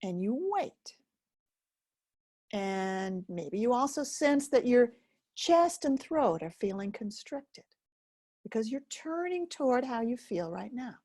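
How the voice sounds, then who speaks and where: A woman teaching an emotional healing method, speaking gently with long pauses. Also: on the high side, very animated. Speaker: focusing teacher. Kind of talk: guided self-help teaching.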